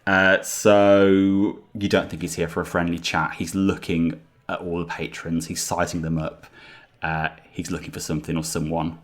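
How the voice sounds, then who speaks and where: A man narrating a tabletop game as game master, describing scenes slowly with filler pauses. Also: low voice, level tone.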